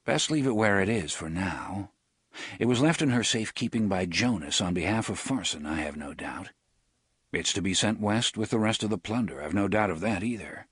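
A man voicing a steady young man who speaks calmly and with measure in a storybook reading. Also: lowish voice, moderate pace, slightly rough, no room sound, studio quality.

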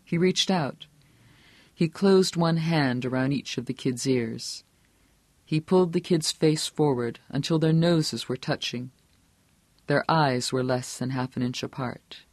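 A man reading a novel aloud as audiobook narrator, steady and measured. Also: mid-range voice, no room sound. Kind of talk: scripted narration.

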